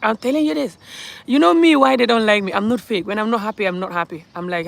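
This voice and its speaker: A woman's voice: a little high, fast talker, vocal fry, a little hiss or hum. Blunt Gambian woman ranting to camera. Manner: blunt, emphatic, repetitive, breaks into laughter. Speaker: vlogger. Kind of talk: ranting vlog monologue.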